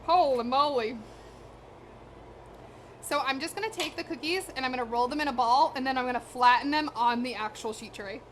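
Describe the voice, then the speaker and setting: High-voiced and quick, she barely pauses, and slight background noise runs underneath. She's a young woman cooking on a live stream in her home kitchen, talking straight to her chat in a chatty, slangy, direct way, a little out of breath.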